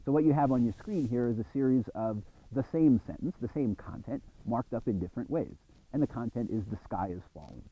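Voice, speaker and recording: A man's voice: medium pitch, fairly quick, phone-quality sound. A middle-aged man giving a recorded university course lecture, talking in a conversational, reflective way with small restarts.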